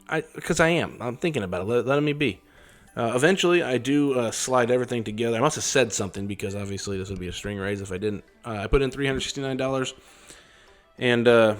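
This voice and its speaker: A man casually talking through his poker hands as a vlogger, in a rambling, wry and self-deprecating way. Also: mid-range voice. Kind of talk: casual poker hand commentary.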